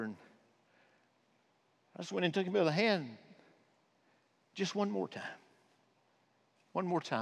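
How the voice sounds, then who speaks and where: A man preaching a sermon as pastor, swinging between impassioned and hushed delivery in a church. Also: high voice, long reverb tail. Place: church sanctuary.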